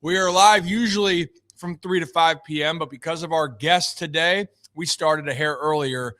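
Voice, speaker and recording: A man's voice: on the high side, moderate pace, pushed and bright, no room sound, clean studio sound. A man hosting a live sports talk show, chatting upbeat and straight to his viewers.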